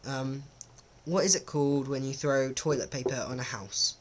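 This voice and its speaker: A man's voice: medium pitch, fairly even intonation, normal speed, a little hiss or hum. Hesitant man doing a vlog. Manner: hesitant, many ums, self-conscious. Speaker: vlogger. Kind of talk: casual accent-test vlog.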